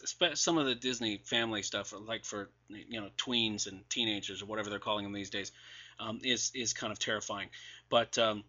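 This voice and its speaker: The audio is dull, and this medium-pitched man sounds pushed and bright as his voice gives out. Reviewing new releases in casual podcast commentary, he keeps restarting, using fillers and tossing in sarcastic remarks.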